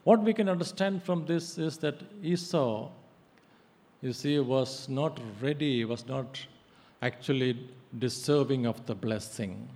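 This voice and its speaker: A male pastor giving a sermon, emphatic and halting, with frequent hesitations. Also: mid-range voice, a little mellow. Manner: emphatic preaching with many hesitations. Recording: long reverb of a hall.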